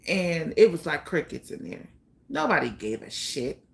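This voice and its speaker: A young woman telling her own life story in a candid, blunt way, pausing often with fillers. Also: low voice, big pitch swings, gravelly. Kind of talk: personal storytelling monologue.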